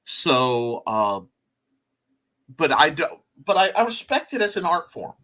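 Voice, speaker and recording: Male livestream host, casual chat, filler-heavy, bright tense tone. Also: fairly high pitch, very animated, unhurried. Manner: rambling, filler-heavy, many restarts. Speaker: talk show host.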